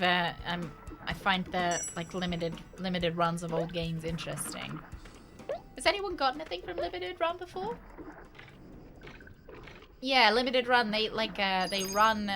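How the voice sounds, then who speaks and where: A woman chatting casually on a live stream while playing a game, answering viewers' comments as she goes. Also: medium pitch. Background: game music.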